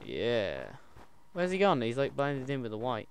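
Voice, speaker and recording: A man giving casual, excitable commentary while playing a game, chatting to his in-game pet wolf. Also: medium pitch, fairly quick, vocal fry. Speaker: gaming channel host. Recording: loud background noise.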